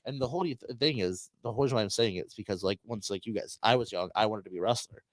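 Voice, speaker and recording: A man's voice: fairly low pitch, very fast, no echo. A man hosting a podcast, telling a rambling casual story and acting out what people said. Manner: rambling anecdote with acted-out quotes. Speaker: podcast host.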